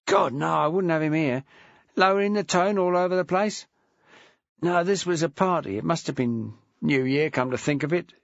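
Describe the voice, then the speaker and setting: A man's voice: a little high, normal speed, gravelly, dry recording, muffled recording, pitched above the performer's own voice. A man putting on a coarse, crude ex-wife. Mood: coarse, defiant. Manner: crude, sharp-tongued, snappish. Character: coarse, brash chain-smoking ex-wife, a woman.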